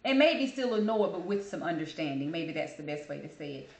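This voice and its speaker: Woman host, casual monologue, animated and repetitive, roomy echo. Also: low voice, a little fast, vocal fry. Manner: chatty, animated, repeats herself, calls listeners "baby". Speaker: podcast host. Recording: echoey room.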